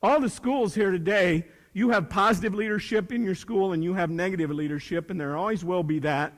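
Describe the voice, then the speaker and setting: A middle-aged man with a high voice gives a folksy motivational talk to students. He jokes and asks the crowd questions. His voice rings with the long reverb of a big hall. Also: brisk. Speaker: speaker at a student leadership academy. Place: large hall with a student audience.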